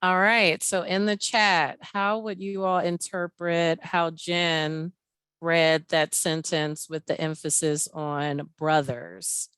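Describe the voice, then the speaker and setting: A woman leads a training webinar over a video call, guiding participants through an exercise. She speaks slowly in a smooth, clear, fairly low voice. The sound is dry and close. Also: flat delivery, a bit bright, no echo. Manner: friendly, laughs often, explains step by step. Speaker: webinar presenter.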